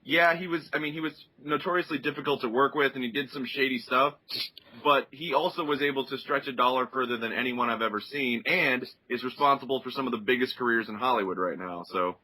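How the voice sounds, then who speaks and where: Bright-voiced, chatty podcast man. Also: medium pitch, steady tone, fast talker, poor audio. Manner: talkative, enthusiastic, swears freely. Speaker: podcast panelist. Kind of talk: casual film chat.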